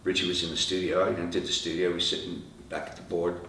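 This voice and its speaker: A middle-aged man, a rock singer, telling lively stories in an interview and acting out the voices of the people in them. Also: low-pitched, fast talker. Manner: animated anecdotes, acting out quoted dialogue. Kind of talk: storytelling interview answers. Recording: echoey room, from far off, faint noise.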